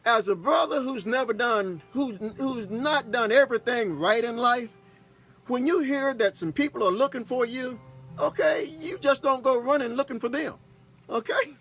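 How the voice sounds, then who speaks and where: High-voiced folksy man telling a story. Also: moderate pace, a bit bright, soft background music. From Texas. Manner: folksy, repeats "okay?" to the audience. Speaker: pastor and broadcast host. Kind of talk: casual personal storytelling.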